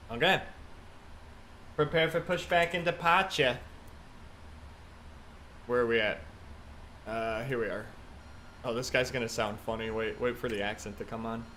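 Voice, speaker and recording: A man's voice: mid-range voice, pushed and bright, slight background noise. A man live-streaming a flight simulator, chatting casually and thinking aloud as he works through checklists.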